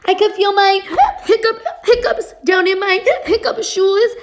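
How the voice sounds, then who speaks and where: A woman's voice: very high-pitched, steady tone, unhurried, voice pushed up. A woman voicing a flustered child whose words keep breaking on hiccups and giggles.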